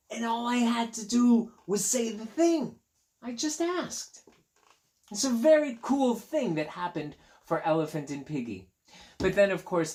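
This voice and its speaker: Slow, gentle man reading to children. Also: a little high. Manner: gentle, chatty and repetitive, talking directly to young kids. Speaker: teacher. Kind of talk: reading a picture book to children.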